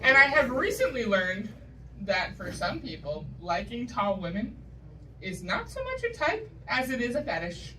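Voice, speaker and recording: A woman's voice: on the high side, sing-song, normal speed, a little hiss or hum. A woman doing a stand-up comedy set, telling wry, self-deprecating stories with punchy asides, from New England. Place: comedy stage before a live audience. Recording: live stage recording, mic from a distance, loud audience.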